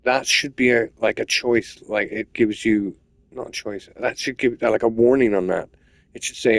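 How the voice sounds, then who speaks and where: A man's voice: fairly low pitch, fairly even intonation, normal speed, creaky, no room sound. A man ranting and swearing as he comments on his own gameplay, repeating himself in frustration. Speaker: gamer.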